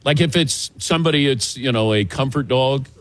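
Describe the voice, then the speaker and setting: A man's voice: mid-range voice, normal speed. A man hosting a sports radio show, chatting casually, laughing often and telling anecdotes into a studio microphone.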